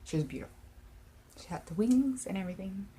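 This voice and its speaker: A young woman vlogger telling a personal story, emotional and halting, close to tears, with many fillers and restarts. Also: mid-range voice, animated, warm tone, slight background noise. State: tearful, near crying. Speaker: paranormal vlogger.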